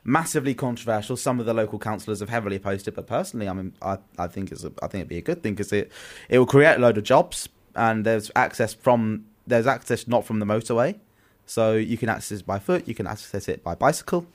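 A man's voice: on the low side, expressive, quick pace. A man hosting a casual chat, rambling through stories with lots of restarts and ums. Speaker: podcast host.

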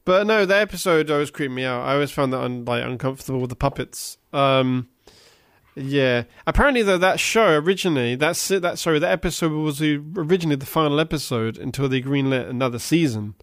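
A man's voice: a little high, fairly quick, fairly bright tone, dry recording, studio quality. A man co-hosting a podcast, casually retelling cartoon episodes in detail with frequent fillers. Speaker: podcast co-host. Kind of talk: casual chat.

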